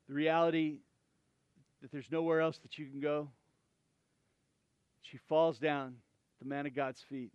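A male pastor preaching a sermon, animated and conversational, with chatty asides to the congregation. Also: a little high, a little slow, pauses often, clean tone, no echo.

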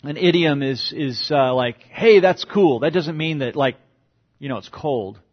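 A man's voice: a little slow, muffled recording. A man preaching a sermon as pastor, explaining a passage verse by verse and acting out quoted cries with sudden rises in voice. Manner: dynamic, acts out quoted lines with big pitch jumps.

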